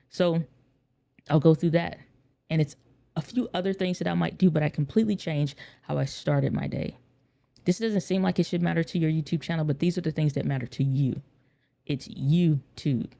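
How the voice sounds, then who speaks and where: Gravelly-voiced man hosting a podcast. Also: on the high side, mellow. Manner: earnest, conversational, repeats phrases for emphasis. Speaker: podcast host. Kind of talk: casual solo podcast talk.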